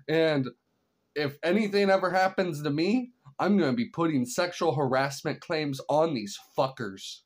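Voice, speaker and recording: A vlogger ranting to camera, blunt and profane, swinging from heated outbursts to low, weary grumbling. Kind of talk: solo ranting commentary to camera.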